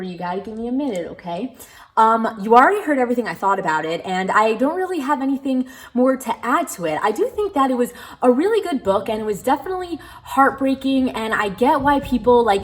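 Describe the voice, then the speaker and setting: A woman book vlogger talking casually about a book, ranting with frustration, swearing freely and filling her speech with "like". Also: mid-range voice. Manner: frustrated, animated ranting with frequent "like". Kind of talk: casual reading vlog.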